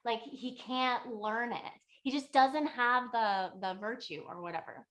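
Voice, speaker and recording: A woman's voice: on the high side, unhurried, fairly bright tone. A woman, a yoga and meditation teacher, casually retelling a legend in a chatty, filler-heavy way. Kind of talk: casual spoken storytelling.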